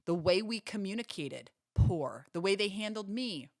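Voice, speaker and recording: A woman's voice: medium pitch, animated, normal speed, dry recording, studio quality. A woman hosting a podcast, telling a personal story in an earnest, emphatic way and repeating phrases for stress. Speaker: podcast host.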